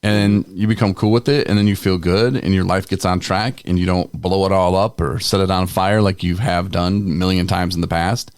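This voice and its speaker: Deep-voiced man telling candid stories. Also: fairly even intonation, moderate pace, few pauses, a little mellow, clear, resonant tone, no room sound, clean studio sound. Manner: candid, storytelling with quoted voices and laughs. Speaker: podcast co-host. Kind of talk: casual chat.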